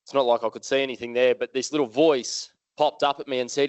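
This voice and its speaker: A man with an Australian accent giving a live keynote talk, telling stories in a lively, conversational way and putting questions to the audience. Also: mid-range voice, fast, hardly any pauses, smooth, no echo. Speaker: motivational speaker. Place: live event hall with audience.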